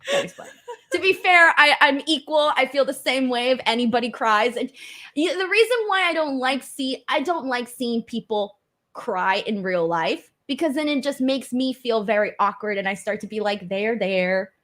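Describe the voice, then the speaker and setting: Bright-voiced woman hosting a wrestling chat. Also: a little high, moderate pace. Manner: laughs often, reads out viewer comments. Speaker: host. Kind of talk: casual chat.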